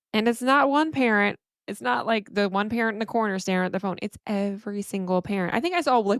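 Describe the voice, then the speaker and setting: On her solo podcast, a middle-aged woman therapist reflects candidly and emotionally, often restarting her sentences. Her voice is lowish, and the clean studio recording has no echo.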